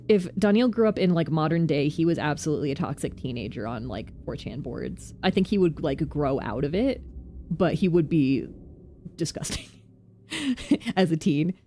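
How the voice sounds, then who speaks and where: A woman vtuber giving casual gameplay commentary, chatty and self-mocking, with quick asides. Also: low-pitched, expressive, warm tone, a little hiss or hum. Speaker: vtuber streamer.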